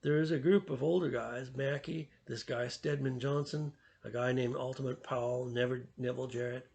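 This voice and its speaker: Guy reading an earnest teen boy, easy talky voice, gravelly. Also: medium pitch, steady tone, moderate pace, darkish tone, close to an everyday voice. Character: teenage boy, earnest and thoughtful.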